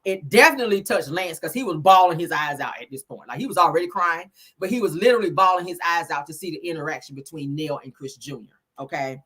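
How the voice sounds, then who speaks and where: A woman's voice: sits low, expressive, fast, few pauses, a bit bright, breathy edge. A woman hosting a casual live recap for viewers, telling the story in a chatty way and checking in with her listeners as she goes. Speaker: show recap host.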